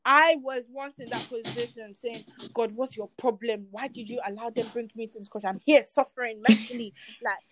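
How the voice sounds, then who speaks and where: A young woman from Nigeria, a guest in a casual interview, telling her story with lively quoted voices and earnest faith talk. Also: a little high, no echo. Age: young adult.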